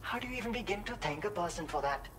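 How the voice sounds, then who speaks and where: An actor playing a grateful son in a video game, speaking in a formal, polite and measured way. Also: male voice, sits high, animated, fairly bright tone, slight background noise. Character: grateful adult son of a survey expedition member.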